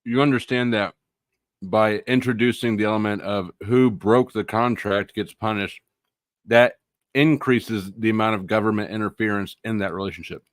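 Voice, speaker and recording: Dude on a stream panel, methodical lawyer-ish arguing, dry close sound. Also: male voice, lowish voice, steady tone, normal speed, no room sound. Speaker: panel guest. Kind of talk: heated debate.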